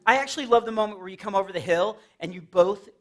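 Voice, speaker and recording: A man's voice: sits high, quick pace. Playful man doing church stand-up. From Texas. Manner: playful, chatty, jumps into silly character voices. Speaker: stand-up comedian. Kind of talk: stand-up comedy set. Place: church fellowship hall with a live audience.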